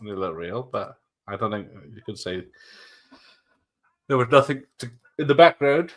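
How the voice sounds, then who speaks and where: A man casually commenting on a movie during a live watch-along, jokey and quick to laugh, describing what happens on screen. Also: lowish voice, lively intonation.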